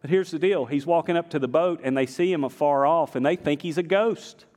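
A male pastor with a faint Southern accent delivers a sermon in a fairly high voice. He builds to emphatic, punchy lines, then drops into hushed, chatty asides. His voice rings through a church hall with a long reverb tail. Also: brisk. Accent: slight Southern US. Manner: emphatic preaching, swinging to quiet storytelling asides. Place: church sanctuary.

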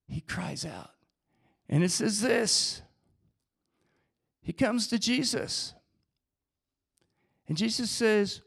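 High-voiced energetic male preacher. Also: a little slow, vocal fry, long pauses, slightly rough. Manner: energetic, conversational, repeats phrases. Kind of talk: sermon.

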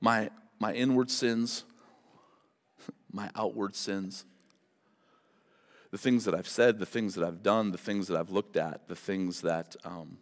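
A man's voice: lowish voice, fairly even intonation, takes it slowly, long pauses, big-room sound. A pastor preaching a sermon to his church, talking conversationally and then building to impassioned emphasis. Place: church service.

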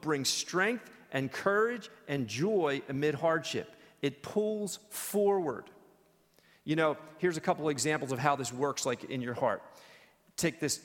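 A man teaching a church Bible study in a conversational, animated storytelling way. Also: mid-range voice, long reverb tail.

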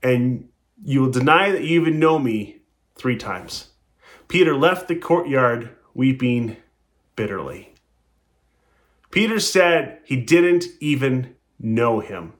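A man's voice: mid-range voice, animated, slow, long pauses. A man preaching a sermon, retelling a story in a conversational way and acting out the quotes with rising and falling emphasis. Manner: conversational, with restarts. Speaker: pastor.

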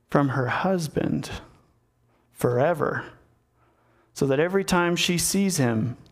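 A man giving a sermon in a conversational storytelling manner, talking to his listeners directly. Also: on the high side. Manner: conversational storytelling, acts out the characters. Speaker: preacher.

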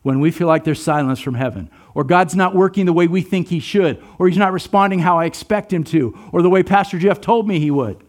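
A man's voice: high voice, a little fast, few pauses. A man preaching a sermon, earnest and emphatic, asking his listeners rhetorical questions. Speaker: pastor.

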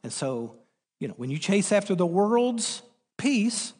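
A man preaching a sermon, earnest and emphatic, repeating key words and pausing on fillers as he explains a verse. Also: high-pitched, very animated, darkish tone, slightly rough, big-room sound. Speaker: pastor.

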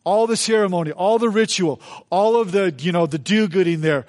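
A man's voice: high-pitched, brisk, darkish tone. A man preaching a sermon in a church as pastor, folksy and conversational, acting out the people he quotes.

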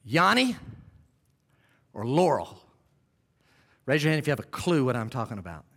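A male pastor preaching a sermon to a congregation, reading scripture slowly and with emphasis. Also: medium pitch, expressive. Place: church before a live congregation.

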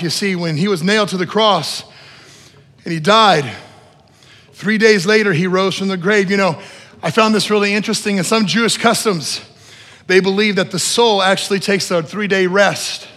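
A male pastor with a high, bright, forceful voice preaches to his congregation. His words ring out in a church hall with a long reverb tail, and he repeats key lines and rises to loud, emphatic peaks. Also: moderate pace. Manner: repeats phrases for emphasis, asks the room to respond. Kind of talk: sermon.

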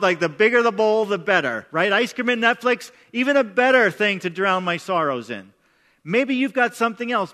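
Middle-aged pastor guy preaching, chatty and emphatic, trips on his words, high bright voice. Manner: conversational and emphatic, repeats words when starting sentences. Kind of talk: sermon. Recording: long reverb of a large hall.

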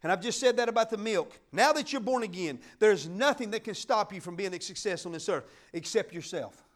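A fervent middle-aged preacher, his voice pitched unusually high. He swings from ringing, emphatic declarations to quiet, intimate asides as he preaches. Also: lively intonation, a little fast. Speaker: pastor. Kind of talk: sermon.

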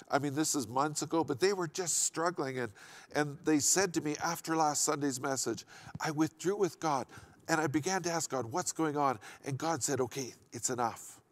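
A middle-aged man preaching a sermon in an earnest, emphatic way, often repeating key phrases and restarting his sentences. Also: mid-range voice. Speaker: pastor.

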